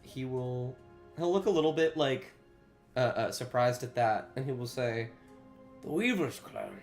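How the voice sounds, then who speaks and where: A man narrating as game master of a tabletop game, speaking in a measured way with frequent fillers. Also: medium pitch, darkish tone, reverberant, soft background music.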